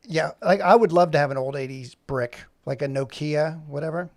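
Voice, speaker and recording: A man's voice: on the high side, moderate pace, no echo, studio quality. A man in his forties chatting casually on a livestream, joking and rambling to himself while he animates. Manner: joking, rambling self-talk while working. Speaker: animator streaming live.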